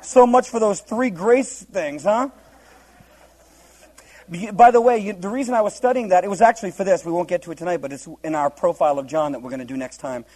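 Guy preaching, pretty high voice, jokey, laughs a lot, acts out the bible scenes. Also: fairly quick, darkish tone, rough recording. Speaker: preacher teaching a Bible study. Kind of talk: humorous verse-by-verse sermon.

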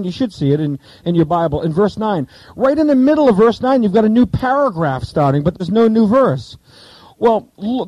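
Brief: male preacher, high and very lively pitch, mellow dark tone, jokey asides, dry close sound. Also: no echo, low-quality recording. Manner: animated and joking, with asides. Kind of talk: sermon with Bible reading.

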